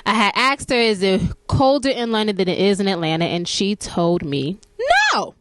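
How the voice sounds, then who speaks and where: A woman's voice: medium pitch, moderate pace, fairly bright tone. A woman from New York with a New York accent, hosting an interview in a bubbly, enthusiastic way. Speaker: interviewer, host.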